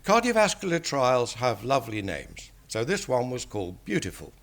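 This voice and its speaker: An older English man, a statistician, giving an academic lecture in a measured, dryly wry manner. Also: medium pitch, very animated, fairly bright tone.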